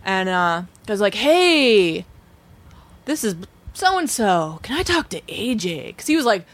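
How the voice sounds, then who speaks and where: A woman's voice: mid-range voice, big pitch swings, slow pace. A young adult woman telling a story in casual chat, blunt and profane, acting out the people she quotes.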